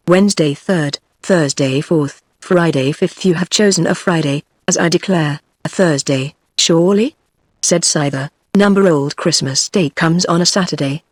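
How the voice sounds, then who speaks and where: A text-to-speech woman's voice with a British English accent, reading a classic novel aloud in even, steady narration. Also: fairly low pitch, dry recording. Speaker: audiobook narrator. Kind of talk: scripted narration. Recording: dry.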